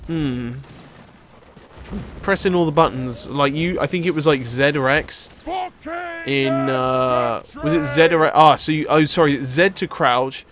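A young man giving excitable, rambling let's-play commentary as he plays, swearing casually. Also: medium pitch, measured pace, a little hiss or hum. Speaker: gaming video host.

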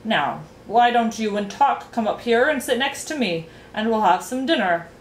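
A woman's voice: a little high, animated, slight background noise, close to an everyday voice. A woman voicing an impatient, pompous male king who bellows commands. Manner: loud, commanding, drawn-out lines. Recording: roomy echo, faint ambience.

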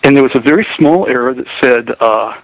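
A man with a Southern US accent, an author being interviewed on the radio, speaking slowly and pausing often on fillers. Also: medium pitch, lively intonation, no echo, poor audio. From Southern United States. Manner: hesitant, many fillers. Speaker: author and guest.

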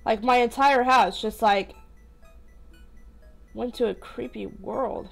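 A woman's voice: a little high, takes it slowly, creaky, pauses often, soft background music. A young woman playing a video game, talking casually, swearing freely and reading game text aloud. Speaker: let's play gamer. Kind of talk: casual gameplay commentary.

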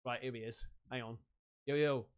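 A man hosting a casual livestream, excitable and slangy, reading out chat and donations. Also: mid-range voice, moderate pace, smooth. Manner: excitable, slangy, swearing, laughs a lot. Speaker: livestream host. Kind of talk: casual live-stream chat.

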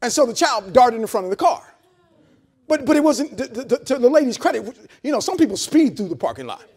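High-voiced man preaching conversationally. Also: sing-song, brisk, a little mellow, slightly rough. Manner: conversational preaching with frequent repeats and call-and-response; blunt, joking asides to the congregation. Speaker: pastor. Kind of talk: sermon. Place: church service held in a hotel venue.

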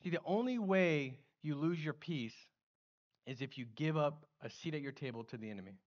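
Lively casual pastor preaching, man. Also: on the high side, moderate pace, lo-fi sound. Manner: casual, animated preaching with slang and acted-out asides. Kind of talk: sermon. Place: church.

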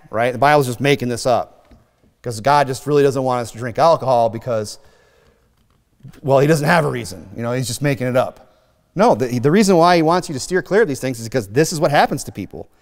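Male pastor, casual joking sermon delivery, mid-pitched voice, long reverb from the hall. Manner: conversational, joking, mocking voices for drunks. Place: church sanctuary.

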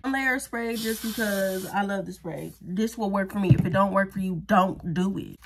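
There's noise in the background as a young female vlogger works through a wig and lash tutorial at a moderate pace. Her medium-pitched voice stays casual and joking, full of self-mockery aimed right at viewers.

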